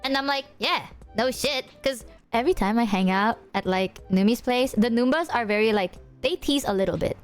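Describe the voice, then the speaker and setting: A woman's voice: fairly high pitch, moderate pace, hardly any pauses, smooth, faint music behind. A young woman streaming and chatting casually with her viewers, bubbly, laughing often and swearing freely.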